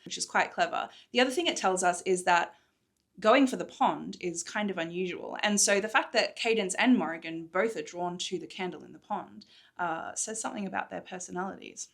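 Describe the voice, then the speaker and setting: Woman author, chatty enthusiastic readalong recap, lowish voice, hotel room. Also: brisk, vocal fry, fairly bright tone. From Australia. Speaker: author recapping her own book. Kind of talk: chatty readalong recap mixed with book reading.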